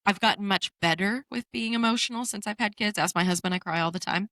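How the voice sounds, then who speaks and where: A woman's voice: mid-range voice, fast, sharp tone, dry recording. A woman in her thirties hosting a casual podcast chat, laughing often as she tells stories. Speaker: podcast host.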